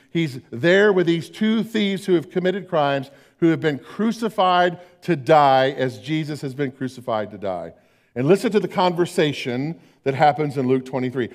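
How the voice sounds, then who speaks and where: An older man preaching a sermon as pastor, swinging between emphatic declarations and hushed, slow tender passages. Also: a little high.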